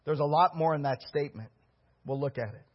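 A man preaching a sermon as pastor, animated, with rhetorical questions and shouted peaks. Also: on the high side, fairly quick, lo-fi sound.

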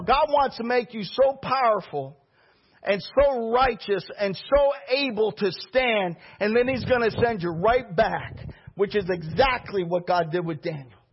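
A man with a high, husky voice delivers a sermon, drifting into conversational storytelling as he talks to his congregation. The recording is dull and lo-fi, with muffled highs. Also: measured pace. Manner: storytelling preacher, animated and conversational. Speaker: preacher.

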